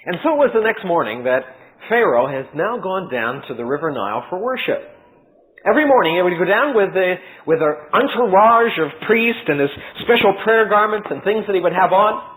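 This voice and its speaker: Older man, preacher, dramatic sermon storytelling, slightly high voice. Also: low-quality recording. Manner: animated, vivid retelling with shifting loudness.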